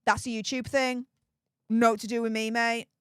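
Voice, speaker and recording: A woman's voice: on the high side, little pitch movement, normal speed, fairly bright tone, clean tone, no echo, clean studio sound. A woman with a Yorkshire accent hosting a casual livestream, reading viewer messages with chatty, laughing, sarcastic asides. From Yorkshire, England.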